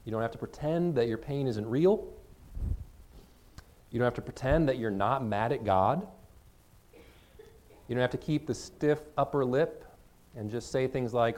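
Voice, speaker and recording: A man's voice: medium pitch, moderate pace, pauses often, darkish tone. A man preaching a sermon as pastor, speaking earnestly in a conversational way to his congregation.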